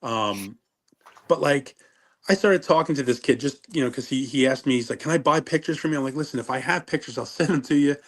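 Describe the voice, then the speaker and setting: A man's voice: medium pitch, a little fast. Rambling middle-aged man. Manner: rambling, self-interrupting storyteller. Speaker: interview guest, former wrestler. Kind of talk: casual interview chat.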